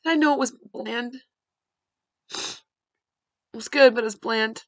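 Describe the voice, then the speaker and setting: A woman hosting a podcast, telling a personal story in a candid, conversational way with halting restarts. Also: fairly high pitch, fairly bright tone, dry recording. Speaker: podcast host.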